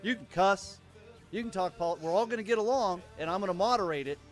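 A man with a notably high voice hosts a casual livestream podcast. He talks in a loose, rambling way, restarting sentences as he goes, with faint music under him. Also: fast talker. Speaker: podcast host.

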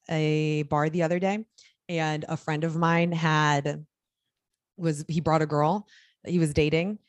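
Young woman, podcast co-host, casual chat, lowish voice, dry close sound, chatty storyteller. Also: dry recording. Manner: chatty storyteller, laughs while telling stories.

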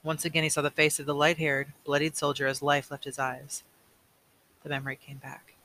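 Male audiobook reader, bright slightly high voice, plain and unpolished. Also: completely flat delivery, brisk. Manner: plain reading with small slips and self-corrections. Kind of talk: reading a novel aloud.

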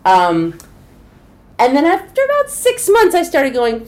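A middle-aged woman comedian telling a long story in a conversational interview, animated and acting out the voices of the people she quotes. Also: high voice, a little slow.

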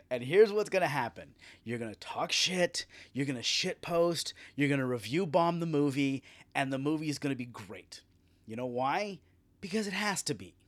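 A man hosting a solo podcast, ranting with sarcasm and a lot of swearing. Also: fairly high pitch. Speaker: podcast host.

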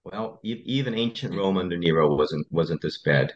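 Man, attorney guest, podcast interview, impassioned, animated storytelling, lo-fi audio. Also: low-pitched, normal speed.

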